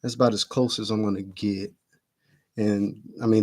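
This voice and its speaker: A man's voice: lowish voice, little pitch movement, brisk. A man hosting a casual livestream from his home, chatting and muttering to himself as he adjusts his camera, picked up by the camera mic. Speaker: livestream host. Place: at home, indoors.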